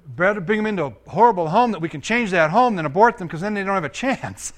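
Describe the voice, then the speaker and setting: A man's voice: sits high, fast talker. A man preaching a sermon as pastor and counselor, reading scripture aloud, commenting on it and asking his listeners questions. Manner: animated, asks the audience questions.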